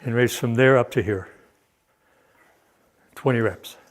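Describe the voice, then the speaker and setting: A man coaching a workout in a gym, giving calm, brief instructions. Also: medium pitch, unhurried. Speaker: fitness coach.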